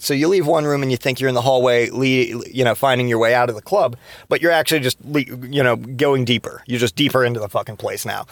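A man's voice: medium pitch, no echo. A man in his thirties telling rambling, profane stories from his past in a casual podcast monologue, full of restarts and fillers. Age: 30s. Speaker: podcast host.

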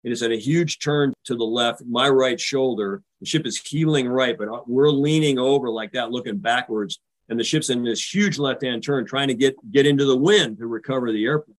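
An older American man, a retired naval officer, recounts a tense carrier landing in a vivid, animated way during a podcast interview. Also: mid-range voice, moderate pace, hardly any pauses, low-quality recording. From United States. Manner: vivid, animated retelling, acting out radio calls. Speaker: guest.

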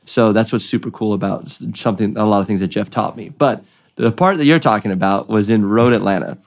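A young man, a drift racing driver, telling a story with excitement and acting out the voices of the people in it. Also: on the low side, a little fast. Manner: excited, acts out voices in quotes. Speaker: drift driver, podcast guest. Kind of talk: animated storytelling.

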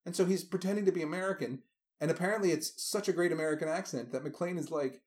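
A man co-hosting a casual movie chat, animated and slipping into mock voices when he quotes scenes. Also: a little high, quick pace. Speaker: podcast co-host.

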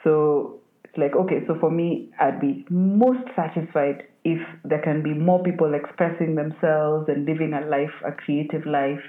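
A woman's voice: deep voice, steady tone, normal speed. A woman guest on a podcast, talking in a reflective, heartfelt way in casual conversation. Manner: reflective, emotional, tearful at moments. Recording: echoey, tinny phone-like line.

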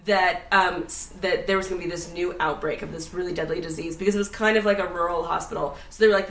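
Animated woman telling a story. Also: on the low side, fast talker, hardly any pauses, echoey room, recorded from a distance. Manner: animated, crude, laughing asides. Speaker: storyteller host. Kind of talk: casual storytelling chat.

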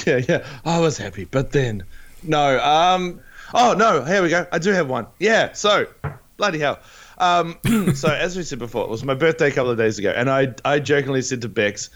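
A young man with a New Zealand accent, chatting casually as a podcast co-host and telling a story with lively put-on voices. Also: normal speed, muffled recording. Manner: animated storyteller, jumps into high put-on voices. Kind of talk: casual chat.

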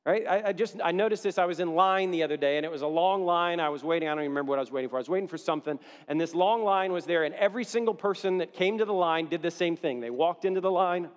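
A man with a notably high voice preaches a sermon, chatty and lively, often asking his listeners if they are with him. His voice rings out with a long reverb of a large hall. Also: rapid-fire, few pauses. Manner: conversational, animated, asks the audience questions. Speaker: pastor.

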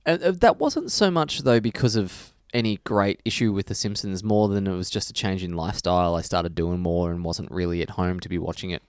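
A man's voice: low voice, a little fast, hardly any pauses, a little mellow, clean tone, no echo, clean studio sound. A man co-hosting a casual podcast, joking and reading listener emails aloud. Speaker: podcast co-host.

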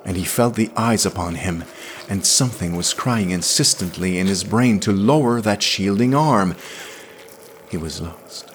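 A man narrating a story in a slow, measured, hushed dramatic reading. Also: low voice, slight background noise. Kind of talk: dramatic audiobook reading of pulp science fiction.

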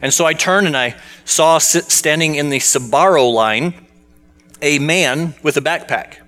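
Male pastor, sermon, conversational storytelling, bright forceful voice, chatty questions to the pews. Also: on the high side, measured pace. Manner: conversational, asks the congregation questions.

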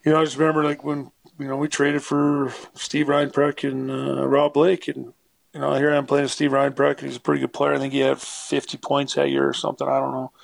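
A man's voice: medium pitch, monotone, fairly quick, creaky, dry recording. A man, a former hockey player, telling rambling stories in a casual interview, full of fillers and acted-out quotes.

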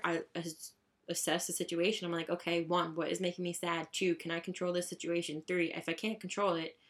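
A young woman vlogging in casual chat, profane and chatty, rising into excited high bursts.

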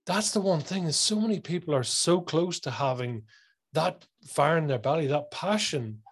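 A man's voice: fairly high pitch, lively intonation, moderate pace, slightly rough. A man who is an author and coach, talking casually as a guest and telling stories with enthusiasm. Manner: enthusiastic storyteller, acts out others' lines. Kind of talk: casual conversation.

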